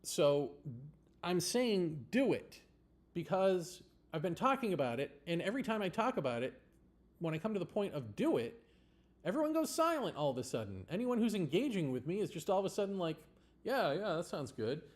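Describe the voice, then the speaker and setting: High and sing-song, his brisk voice carries a rambling political monologue on his livestream. The host is blunt, swears freely, and laughs along the way.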